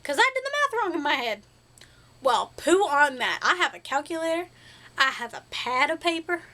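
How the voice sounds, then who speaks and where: A woman's voice: high voice, very animated, normal speed, pushed and bright. A young woman vlogging to camera in a casual, rambling way, chatty and silly, joking at her own expense and making up playful words.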